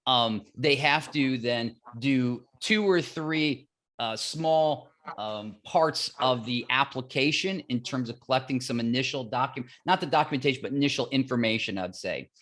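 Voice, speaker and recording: A man speaking as a podcast guest at a medium pitch. He talks in animated stories, acting out both sides of conversations and repeating key phrases for emphasis. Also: normal speed. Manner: animated storytelling, acts out dialogue. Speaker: mortgage platform guest. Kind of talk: podcast interview.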